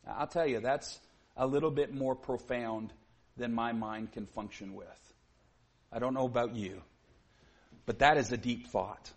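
A man's voice: medium pitch, fairly even intonation, a little slow, long pauses. A man preaching a sermon to his congregation, earnest, often saying "you see", sometimes building to emphatic peaks.

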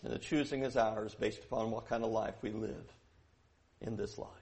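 A man preaching a sermon who moves from quiet verse-by-verse teaching to loud, emphatic preaching, repeating phrases for emphasis. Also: fairly low pitch, fairly even intonation, brisk.

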